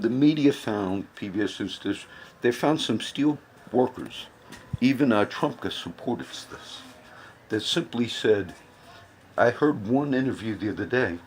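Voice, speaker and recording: A man with a low, deep voice talks through politics in a casual self-recorded video. He rambles, circles back, and repeats phrases to drive a point home. A faint hum of background noise sits under him. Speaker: political commentator. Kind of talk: casual political commentary vlog.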